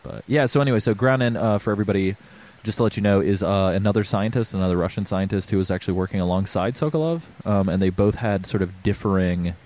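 Man, very low voice, loose podcast co-host, rambles with ums. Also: fast, few pauses, a little mellow. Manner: rambling, filler-heavy, swears. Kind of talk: casual game discussion.

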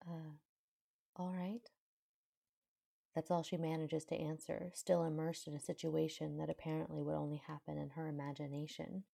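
Woman fanfiction narrator, low gravelly voice, husky, calm and measured. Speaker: fanfiction reader.

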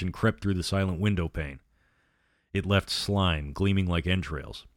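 A man's voice: deep voice, dry recording, clean studio sound. A man narrating a horror novel aloud, reading every character in his own voice. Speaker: storyteller.

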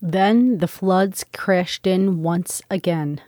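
Brief: woman with a fairly low voice, dry and close, reading her memoir with intense drama. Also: a little slow, warm tone, dry recording. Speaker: memoir narrator. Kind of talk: first-person memoir reading.

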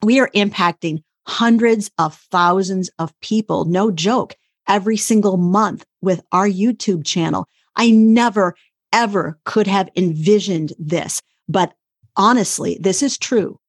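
A woman's voice: mid-range voice, unhurried, no echo. A woman guest on a podcast, earnestly sharing a faith testimony with conviction. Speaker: guest, YouTuber. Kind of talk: faith-based testimony in interview.

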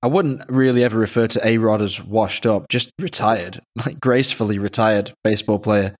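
A man's voice: fairly low pitch, fairly even intonation, normal speed. A man with an English accent hosting a podcast, joking in a dry, self-mocking way. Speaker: podcast host. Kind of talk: casual podcast banter.

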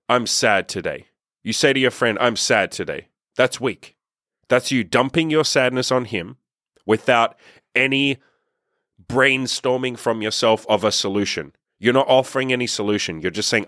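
A man's voice: medium pitch, fairly bright tone, no echo, clean studio sound. A young man hosting a podcast, giving a blunt, emphatic motivational monologue with casual swearing. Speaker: podcast host.

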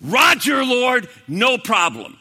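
A man voicing a panicked man hanging from a cliff, yelling frantically for help. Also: very high-pitched, sing-song, takes it slowly, breathy edge, big-room sound, voice pushed up, heavily acted. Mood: eager.

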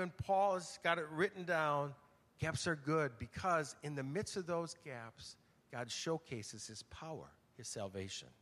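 An older man preaching a conversational, storytelling sermon, swinging from loud emphasis to hushed, near-whispered lines. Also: fairly high pitch. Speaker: pastor. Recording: long church reverb.

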